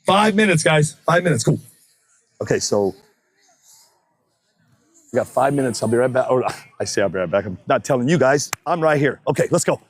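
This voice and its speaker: Medium pitch, moderate pace and long pauses mark this man's voice in a dry recording. Announcing drag races live from an outdoor track on a wireless body mic, he's a bit breathless, chatty and joking, hollering to the crowd in casual stream commentary.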